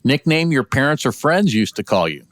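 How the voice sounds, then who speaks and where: A man running a casual interview, asking quick upbeat questions. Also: medium pitch, very animated, no echo.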